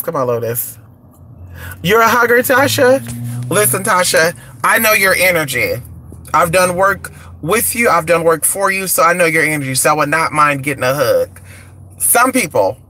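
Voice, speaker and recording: A man's voice: a little high, pushed and bright. A man chatting casually and profanely on a live stream from a vehicle, greeting viewers by name. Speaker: vlogger.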